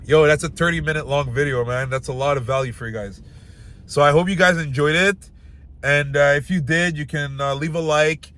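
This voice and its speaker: A man's voice: fairly high pitch, normal speed, a bit bright. A young man giving blunt dating advice straight to the camera in loose, casual talk full of filler words.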